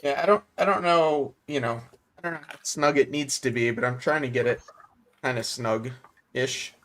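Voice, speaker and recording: A man's voice: fairly high pitch, brisk, a little hiss or hum. A man hosting a livestream, talking casually and joking while he works on a model kit. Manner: relaxed, joking, thinking aloud while working.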